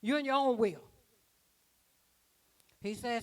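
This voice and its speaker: Woman apostle, sermon, slightly high voice, folksy rhythmic delivery. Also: measured pace, a bit bright. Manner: folksy, rhythmic preaching, dialect grammar. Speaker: apostle preaching. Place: church conference.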